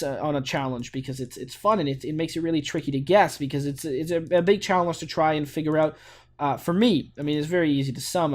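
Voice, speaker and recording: A young man hosting a gaming channel, casually commentating his play and thinking aloud, with frequent restarts and a rambling manner. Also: fairly high pitch. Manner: rambling, self-talking, restarts often.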